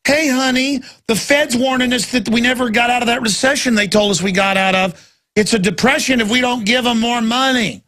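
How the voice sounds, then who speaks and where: A man's voice: very high voice, steady tone, fairly quick, bright, forceful tone, pitched above the performer's own voice. A man voicing a gullible husband, in a sarcastic, chirpy and naive manner. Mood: mock naive. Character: gullible middle-aged husband trusting the authorities.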